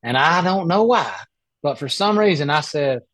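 Male podcast guest, slightly high voice, dry close mic, chatty rambling storyteller. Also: moderate pace, dry recording. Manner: animated, rambling anecdote with many restarts. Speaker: guest, professional golfer. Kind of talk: casual storytelling interview.

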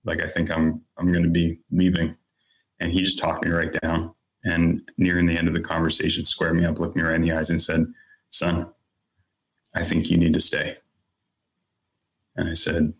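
A man in his thirties with a deep, low-pitched voice, sharing his own story as a guest on a podcast. He talks in an earnest, candid, conversational way, peppered with casual fillers. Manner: earnest, candid, lots of "like" and "you know".

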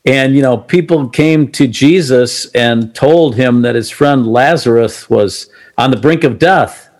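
A man's voice: medium pitch, measured pace. A man talking casually about faith on a talk show, telling personal stories and chuckling now and then. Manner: animated, personal anecdotes, chuckles often. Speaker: co-host of a faith talk show, former shopping-channel host.

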